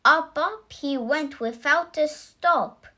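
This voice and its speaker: A woman reading a rhyming story aloud in an animated, expressive way. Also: high-pitched, slow.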